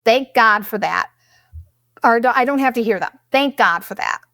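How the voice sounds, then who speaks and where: A young woman hosting a podcast, telling a vacation story in a blunt, profane, animated way and acting out what people said. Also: fairly high pitch, normal speed, dry recording, studio quality. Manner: blunt and profane, animated retelling with quoted asides. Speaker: podcast host. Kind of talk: casual storytelling monologue.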